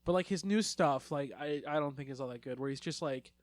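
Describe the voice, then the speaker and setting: A man's voice: fairly high pitch, a little fast, no echo, clean studio sound. A man co-hosting a podcast in loose, rambling casual chat, swearing now and then. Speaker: podcast co-host.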